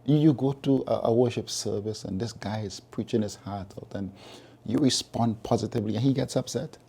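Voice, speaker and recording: A man's voice: fairly low pitch, fairly quick, creaky, mellow, breathy edge. A man preaching a sermon, emphatic and repeating key phrases as he reasons with the listeners.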